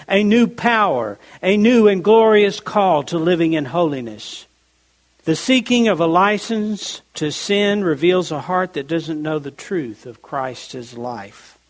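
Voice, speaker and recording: A man preaching a sermon, stressing key words by slowing down and reading scripture aloud in a measured way. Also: a little high. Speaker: pastor.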